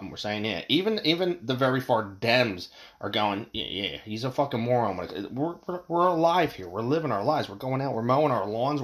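A man hosting his own show, ranting in a casual, heated way, swearing often and stammering over repeated words. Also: mid-range voice. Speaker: podcast host. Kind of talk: casual opinion rant.

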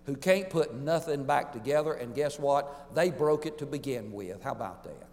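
A pastor preaching a sermon emphatically, swinging between booming declarations and hushed asides. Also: male voice, expressive, moderate pace, hardly any pauses, long reverb tail.

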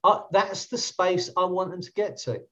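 Telling stories in casual podcast chat, this coach and trainer from England speaks with an English accent and keeps restarting his sentences. His voice is high-pitched, a bit bright, and at normal speed, though the recording has its highs cut off.

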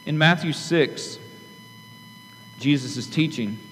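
A pastor preaching a sermon to his church in an earnest, conversational way, often turning to the congregation with quick asides. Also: fairly high pitch, fairly bright tone. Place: church sanctuary. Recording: long hall reverb with faint hum.

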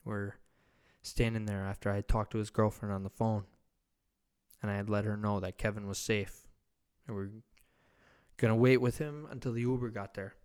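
A man's voice: lowish voice, fairly even intonation, normal speed, a little mellow, clear, resonant tone. A young man hosting a podcast, telling a loose, profane, rambling anecdote in casual chat. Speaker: podcast host.

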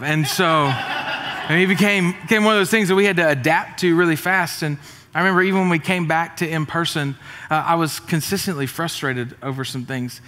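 A middle-aged man, preaching a sermon with jokes and energetic, rising emphasis. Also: on the high side, moderate pace. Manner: energetic, joking, rising to shouts. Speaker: pastor. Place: church auditorium. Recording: reverberant church hall.

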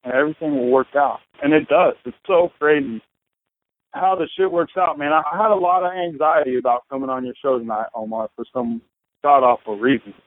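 A man's voice: a little high, fairly even intonation, brisk, slight background noise. A man in his thirties, a podcast guest telling his story in a loose, profane, rambling way. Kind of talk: casual conversation. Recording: tinny phone-like line.

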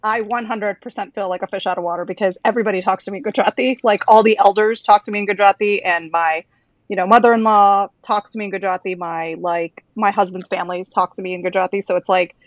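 A woman's voice: mid-range voice, fairly even intonation, fast, dry recording, muffled recording. A woman chatting casually and frankly, often restarting her sentences, over a video call. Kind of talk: casual chat.

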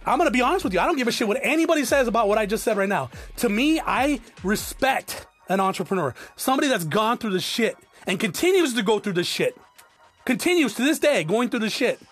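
A man's voice: extremely high pitch, sing-song, brisk, a bit bright, soft background music. A man in his forties from South Tucson giving a blunt, profane motivational talk to his viewers. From South Tucson, Arizona. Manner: blunt, profane, preachy, addresses viewers as guys. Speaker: entrepreneur vlogger. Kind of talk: motivational monologue to camera.

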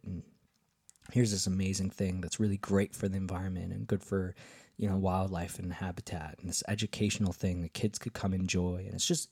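A man's voice: low voice, vocal fry, a little mellow, husky, no echo, studio quality. A man hosting a podcast, telling a casual travel story in a rambling way, with lots of fillers and restarts. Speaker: podcast host.

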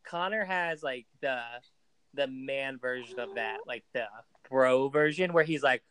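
A man's voice: medium pitch, measured pace, fairly bright tone, smooth, no echo, poor audio. A young man co-hosting a casual podcast, telling rambling stories full of fillers. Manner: rambling storyteller, many "like" fillers. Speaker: podcast co-host. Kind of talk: casual chat.

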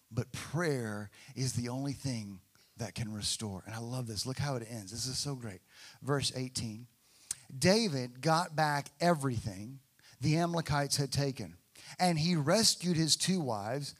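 A man preaching a sermon as a pastor, talking casually to the congregation, rising to emphatic peaks and dropping to quiet, hushed prayer. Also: mid-range voice. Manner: acts out quoted voices and prayers.

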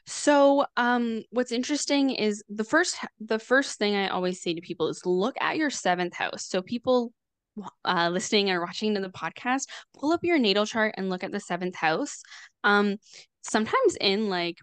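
A woman's voice: mid-range voice, animated, normal speed, clean tone, dry recording. A woman astrologer explaining things casually on a video call, chatty, with lots of fillers and restarts. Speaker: astrologer guest.

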